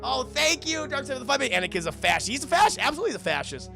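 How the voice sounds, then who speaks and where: A man streaming a crude, excitable film review, talking to his chat and laughing often. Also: extremely high pitch, rapid-fire, vocal fry, faint music behind. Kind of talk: casual livestream commentary.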